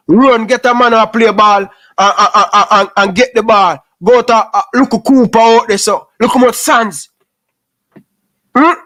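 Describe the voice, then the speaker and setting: A man's voice: very high voice, fairly bright tone. A Jamaican man giving an impassioned, preachy rant in patois, scolding young footballers and repeating his points.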